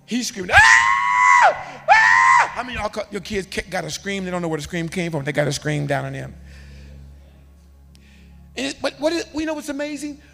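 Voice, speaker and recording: Animated preaching man, high lively voice. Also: fast talker, gravelly, long pauses, long reverb tail, over music. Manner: animated, shouting and hollering for emphasis. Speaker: bishop. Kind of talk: sermon.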